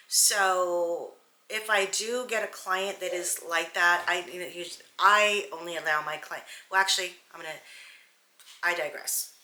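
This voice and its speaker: Woman hairstylist, chatty and candid, bright voice, roomy sound. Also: lowish voice. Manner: candid, animated, digressive. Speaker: hairstylist and salon owner. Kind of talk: casual storytelling vlog. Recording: roomy echo.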